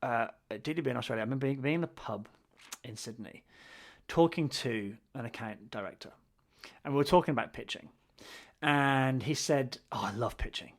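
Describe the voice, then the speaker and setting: Gravelly man grumbling wryly. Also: medium pitch, brisk. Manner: wry, grumbling humor with frequent restarts. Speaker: podcast co-host. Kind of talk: casual chat.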